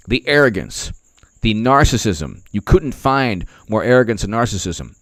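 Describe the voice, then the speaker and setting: A man's voice: medium pitch, expressive, normal speed, a bit bright, no echo. A man hosting casual political commentary, rambling with many fillers and slipping into mocking impressions.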